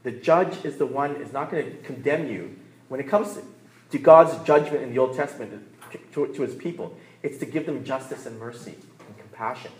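Speaking fairly quickly in a mid-range voice, a male pastor in his thirties delivers a conversational sermon. He laughs between points and keeps asking "right?", all captured in a roomy, echoing recording.

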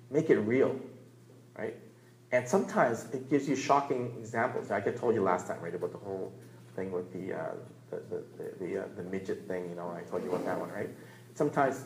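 Male pastor, mid-pitched, emphatic church teacher, recorded in an echoey room. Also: a little mellow. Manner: earnest, emphatic, repeats key words with rising stress.

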